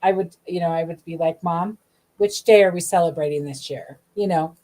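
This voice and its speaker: A middle-aged woman, host of a podcast, telling a personal story in a chatty, animated way, full of asides and acted-out dialogue. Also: lowish voice, normal speed. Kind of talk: casual storytelling.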